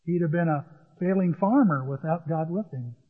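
A man's voice: on the high side, moderate pace. A man preaching a sermon in a conversational storytelling way, retelling scenes as he goes. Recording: long hall reverb, dull lo-fi.

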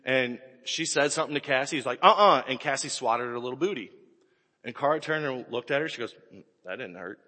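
A man in his forties preaching a sermon, telling stories with animated swings and sudden shouts. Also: medium pitch, fairly quick. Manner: animated storytelling, bursts into shouts. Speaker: pastor. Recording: echoey hall with long reverb.

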